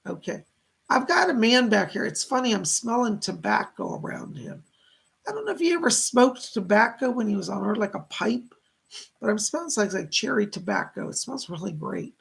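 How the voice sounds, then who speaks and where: A man's voice: sits high, very animated, normal speed, vocal fry, fairly bright tone, breathy edge. A middle-aged man hosting a live stream of psychic readings, gushing as he thanks viewers by name. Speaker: psychic medium host.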